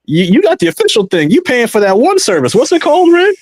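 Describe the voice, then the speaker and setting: A man co-hosting a podcast in casual banter, teasing the others in animated rants and repeating his lines. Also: very high voice, quick pace, slight background noise. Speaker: podcast co-host.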